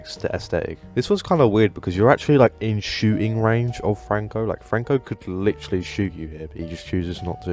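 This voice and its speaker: A man's voice: deep voice, darkish tone. A man hosting a casual commentary video, enthusiastic and rambling, with lots of fillers. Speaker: gaming video host.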